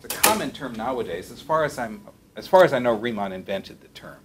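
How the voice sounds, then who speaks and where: A middle-aged music professor lectures thoughtfully in a classroom with a piano, with many fillers and self-corrections. His medium-pitched voice swings widely and goes a little fast, and the roomy, distant recording is very noisy.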